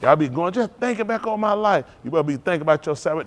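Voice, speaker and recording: Pastor, male, higher-pitched, preaches with a call-and-response drive, from loud to hushed. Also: fast talker, hardly any pauses. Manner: rousing call-and-response preaching, Southern Black church cadence; animated, swings between loud and hushed. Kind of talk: sermon.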